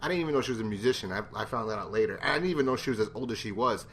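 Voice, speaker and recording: A man's voice: medium pitch, lively intonation, very fast, slight background noise. A man casually reviewing a TV episode, rambling and joking at his own expense. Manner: rambling, self-deprecating, jokey.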